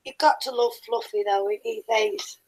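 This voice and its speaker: A woman's voice: a little high, steady tone, moderate pace, creaky, dry recording, poor audio. A woman chatting casually on a stream, jumping in with jokes and punchlines. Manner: joking, jumps in with punchlines.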